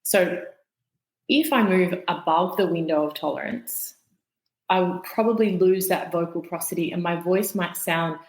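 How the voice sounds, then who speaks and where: In a podcast interview, a woman speaks in an unhurried, low-leaning voice as a guest expert on the nervous system, patiently and calmly walking through everyday examples. The audio is poor and the room echoes.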